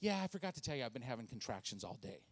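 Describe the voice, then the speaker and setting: A man's voice: medium pitch, very animated, rapid-fire, pitched below the performer's own voice. A man voicing a heavily pregnant young woman in labor, shrieking in panic. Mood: strained, brushing off.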